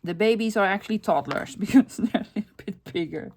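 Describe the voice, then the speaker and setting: A woman's voice: medium pitch, a little fast, darkish tone. A middle-aged woman hosting a crafting video, chatting casually, talking to herself as she works and laughing often. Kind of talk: casual crafting tutorial chat.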